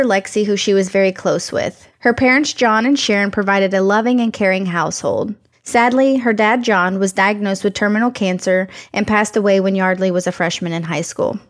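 A young woman co-hosting a true crime podcast, chatting and then reading out the case in a plain, friendly way. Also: medium pitch. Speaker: podcast co-host. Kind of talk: casual chat and case narration.

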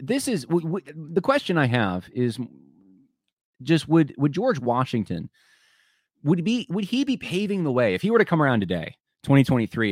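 A man's voice: medium pitch, no echo, studio quality. A man hosting a solo podcast, thinking aloud in a conversational way, often restarting his sentences and speaking straight to his listeners. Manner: conversational, addresses listeners directly. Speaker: podcast host.

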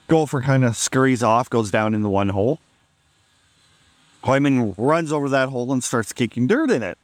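A man's voice: mid-range voice, lively intonation, normal speed, no echo. A man casually telling a funny story on a podcast, amused and laid-back, acting out what people said.

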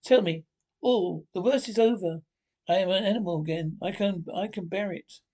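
A man voicing a vain, excitable male toad in a storybook reading, talking in fretful, gushing bursts. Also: sits high, moderate pace. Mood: tearful. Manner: fretful, gushing speech full of restarts. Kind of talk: storybook character voice.

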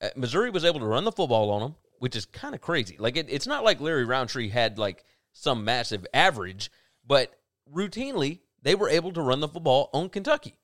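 A man co-hosts a casual football podcast, working through numbers with emphatic delivery. His pitch moves a lot, and the recording is dry and close. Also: sing-song, brisk, a bit bright, no echo. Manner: runs through stats, emphatic. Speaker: podcast co-host. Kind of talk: casual sports talk.

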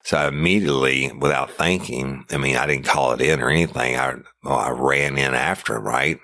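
A middle-aged man tells a story in blunt, salty, plain talk. His voice sits extremely low and gravelly, yet the tone cuts through sharp and forceful. The recording is dry and close. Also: fairly quick, no echo. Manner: blunt, profane, vivid storytelling with radio-code recall. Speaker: former sheriff's deputy telling a story. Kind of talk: casual storytelling.

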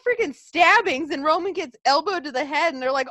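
A woman chatting casually as a podcast co-host, animated, swearing freely and acting out what others said. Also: sits high, brisk, few pauses, no room sound, clean studio sound. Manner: animated, swears a lot, acts out quotes. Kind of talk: casual wrestling chat.

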